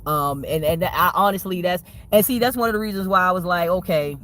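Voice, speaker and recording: A woman's voice: on the low side, fairly quick, fairly bright tone. A woman livestreaming and chatting casually with her viewers, rambling, swearing freely and laughing often.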